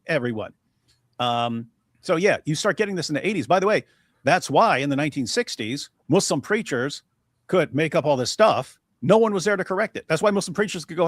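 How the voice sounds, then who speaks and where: A man's voice: a little high, dry recording. A man from the United States hosting a casual live-stream, talking in a blunt, mocking way. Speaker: host.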